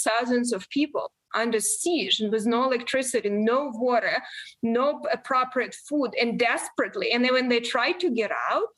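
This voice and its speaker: A woman in her forties answering interview questions earnestly, often halting and restarting her sentences. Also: on the high side, fairly bright tone, breathy edge. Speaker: guest, member of Congress.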